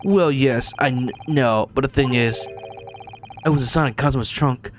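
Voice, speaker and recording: A man's voice: medium pitch, normal speed, noisy background, close to an everyday voice. A man voicing an earnest young male student, lifting his voice a little.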